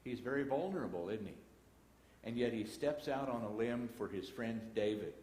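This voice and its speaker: A man's voice: mid-range voice, animated, normal speed, a little mellow. Texan man, Bible class teacher, folksy asides, long reverb, roomy church hall. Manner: reads scripture aloud, breaks into folksy asides. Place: church auditorium. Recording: echoey church hall broadcast.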